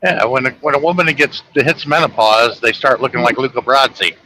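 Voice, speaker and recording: A man's voice: mid-range voice, fairly quick, pushed and bright, slight background noise, low-quality recording. A man chatting casually on a live stream, laid-back and opinionated. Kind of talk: casual chat.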